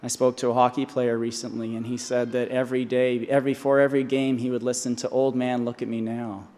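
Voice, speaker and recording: A man's voice: mid-range voice, flat delivery, fairly quick, a little mellow. A man in his forties giving an earnest commencement speech from a podium, often restarting and repeating himself. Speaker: honorary doctorate speaker. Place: large convocation hall. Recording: long hall reverb.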